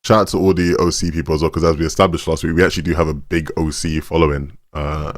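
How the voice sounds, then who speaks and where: Low, dry-voiced man. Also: flat delivery, quick pace, dry recording. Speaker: podcast co-host reading viewer comments. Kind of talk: casual chat.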